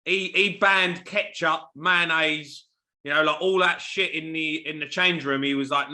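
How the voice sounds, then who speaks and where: A man's voice: on the high side, fairly even intonation, measured pace, sharp tone. A man, a former footballer, chatting bluntly with laddish banter and swearing. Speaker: former footballer, podcast guest. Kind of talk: casual chat.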